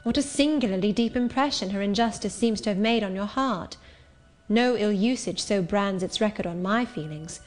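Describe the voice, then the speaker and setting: A calm, resigned schoolgirl, earnest and serene in every measured phrase, as a woman reads her in an audiobook. The voice sits at an ordinary middle pitch, with a faint wash of music underneath. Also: lightly acted. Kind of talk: audiobook reading.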